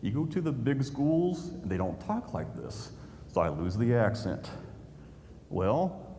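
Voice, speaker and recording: A man's voice: mid-range voice, big pitch swings, a little slow, dark tone. Folksy man telling stories. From Indiana, USA. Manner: folksy anecdotal storyteller. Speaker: YouTuber giving a talk. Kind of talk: storytelling public talk. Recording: long hall reverb, faint noise.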